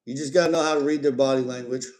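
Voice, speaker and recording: A drawling middle-aged man rambles comfortably through a long home live stream, pausing again and again to encourage and compliment his parrot. His ordinary mid-range pitch holds a steady, darkish tone.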